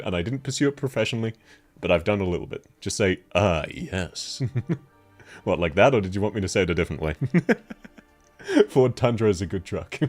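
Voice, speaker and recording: A man with an Australian accent, chatting casually on a game stream, laughing often as he answers chat. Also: mid-range voice.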